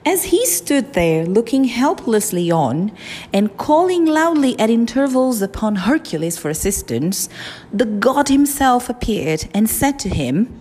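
A woman reading children's stories and fables aloud in a slow, expressive, sing-song way. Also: fairly high pitch, breathy edge. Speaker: storyteller. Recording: reverberant with soft music.

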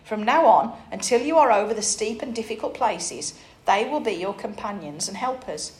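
A woman voicing a gentle, patient male shepherd who speaks quietly and tenderly, in a roomy recording. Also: medium pitch, lively intonation, moderate pace, lightly acted. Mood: calm. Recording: roomy echo.

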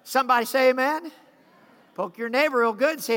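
A man's voice: extremely high pitch, fairly quick, sharp tone. A man preaching a sermon as pastor, calling on the congregation and acting out voices. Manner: preaching with rising intensity, calls to congregation, acted asides. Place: church sanctuary. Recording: long hall reverb.

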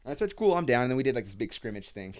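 A man's voice: mid-range voice, very fast, a little mellow. Rambling young man telling stories. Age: young adult. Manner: rambling storyteller with many fillers and acted-out quotes. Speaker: podcast host. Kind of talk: casual chat.

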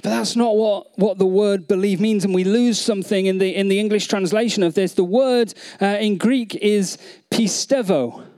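Man, high voice, pastor giving a sermon, earnest, repeats himself, questions to the room. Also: moderate pace, few pauses, a little mellow. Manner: earnest, many restarts, repeats phrases, asks the audience questions.

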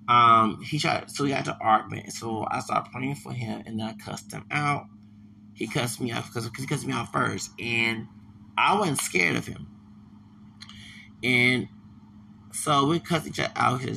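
Gravelly, tense-voiced man in his 40s; rambling solo podcast, lots of restarts. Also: mid-range voice, unhurried, sharp tone, a little hiss or hum. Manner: digressive, repetitive, stumbling restarts.

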